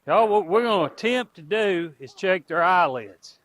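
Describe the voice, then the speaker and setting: A man's voice: high-pitched, lively intonation, moderate pace, fairly bright tone, no echo. A middle-aged man, chatting casually to his viewers and animals outdoors on a farm. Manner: folksy, talks to animals and viewers. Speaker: homestead vlogger.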